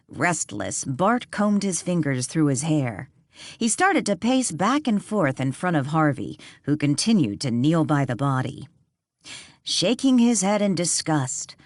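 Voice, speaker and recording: Low-voiced woman narrating a mystery. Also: no echo, clean studio sound. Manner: measured, suspenseful reading. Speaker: audiobook narrator. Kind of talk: storybook narration.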